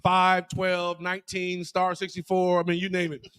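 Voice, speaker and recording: High-voiced man telling lively stories. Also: normal speed, smooth, dry recording. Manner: animated, acts out quoted voices. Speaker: former college basketball player and broadcaster, guest. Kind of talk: casual storytelling. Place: bar, live show.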